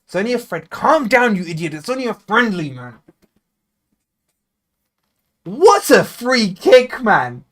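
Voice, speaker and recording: A man hosting a live football watchalong, talking casually and bluntly to his viewers and swinging between grumbling and loud cheering. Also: high voice, big pitch swings, unhurried, pauses often. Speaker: football fan channel host. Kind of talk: live match watchalong commentary.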